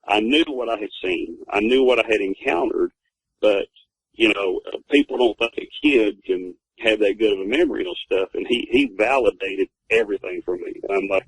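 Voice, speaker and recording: Husky-voiced man in his fifties. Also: lowish voice, brisk, dry recording, poor audio. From Texas. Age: 50s. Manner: rambling, many fillers and restarts, acts out remembered dialogue. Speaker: guest telling his encounter story. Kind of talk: casual spoken storytelling.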